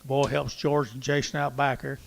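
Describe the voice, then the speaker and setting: Gravelly fast-chanting cattle auctioneer man. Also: medium pitch, level tone, a little hiss or hum. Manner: rapid rhythmic bid chant with asides. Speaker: livestock auctioneer. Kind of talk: auction chant calling bids.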